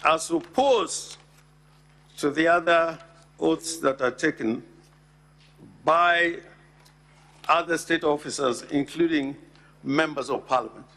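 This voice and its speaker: Slow, gravelly man pleading formally. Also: on the high side, bright, forceful tone. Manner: deliberate, emphatic, reads legal text aloud. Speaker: counsel addressing the Senate. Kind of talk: formal legal address. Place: Senate chamber.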